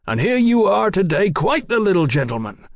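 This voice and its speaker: Gruff, hearty explorer, as a man reads him. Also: high voice, sing-song, moderate pace, dry recording, clean studio sound, pitched above the performer's own voice. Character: gruff, hearty male explorer-scientist, middle-aged.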